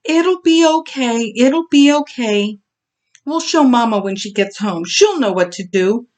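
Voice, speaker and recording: A woman voicing Oakley, a gentle motherly female farm animal who soothes and consoles in a storybook reading. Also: a little high, lively intonation, a little slow, voice pushed up. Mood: soothing.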